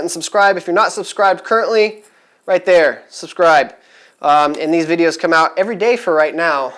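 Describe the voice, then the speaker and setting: A man's voice: sits high, a bit bright. A man talking casually to camera in a vlog, chatty and rambling with many fillers, upbeat and eager. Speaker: vlogger giving resale advice.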